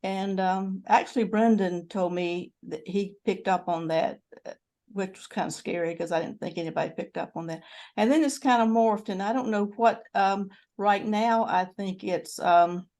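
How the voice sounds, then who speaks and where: A woman's voice: medium pitch, normal speed, a little mellow. An older woman with a North Carolina Southern accent, hosting a casual video-call chat and rambling with lots of fillers and restarts. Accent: North Carolina Southern American. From North Carolina, USA. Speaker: channel host.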